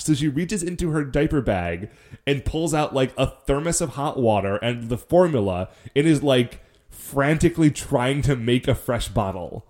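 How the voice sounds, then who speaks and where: Male co-host, middle pitch, laid-back wry recap voice. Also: lively intonation, moderate pace, darkish tone. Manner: wry, dry teasing with "like" fillers. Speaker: podcast co-host. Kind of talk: casual recap chat.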